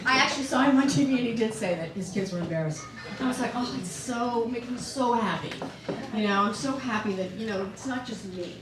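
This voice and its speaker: A woman's voice: a little high, fast talker, background noise. A middle-aged woman performing a chatty, self-mocking stand-up set and asking the audience questions. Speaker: stand-up comedian. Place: comedy club stage with audience. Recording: echoey club, distant mic, loud audience. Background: audience laughing.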